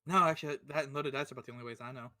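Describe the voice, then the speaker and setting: A man's voice: mid-range voice, steady tone, rapid-fire, sharp tone, no echo. A man voicing a sly rogue card player.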